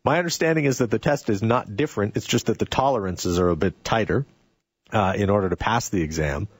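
A man's voice: lowish voice, a little fast, slightly rough, no room sound. A man hosting a radio talk show, speaking sarcastically about local issues from a studio. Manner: sarcastic, animated.

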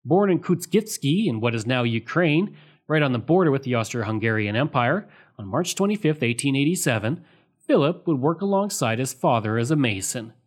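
Reading from a script with measured delivery, this history podcast host has a medium-pitched voice with lively intonation. He voices the boundaries of quoted sources, saying "quote" and "end quote."

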